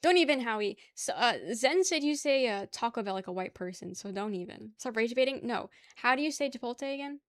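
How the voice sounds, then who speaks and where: A woman's voice: fairly high pitch, expressive, a little fast, few pauses, no room sound, studio quality. A young woman livestreaming casual chat with her viewers, rambling, laughing easily and swearing offhandedly. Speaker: livestream host.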